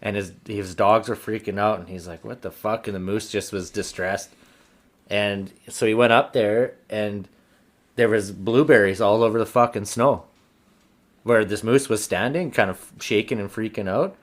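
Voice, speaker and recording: A man's voice: fairly low pitch, steady tone, normal speed. A man co-hosting a hunting podcast, telling stories bluntly with plenty of swearing. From British Columbia, Canada. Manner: profane, blunt, laughs easily. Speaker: podcast host. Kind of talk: casual chat, storytelling.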